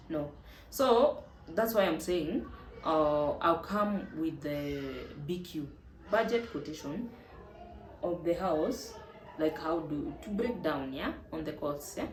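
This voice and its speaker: A Kenyan woman with a low voice and lively intonation speaks slowly as she hosts a casual advice vlog. She's chatty and emphatic, mixing in Swahili. The room is echoey, with faint ambient noise.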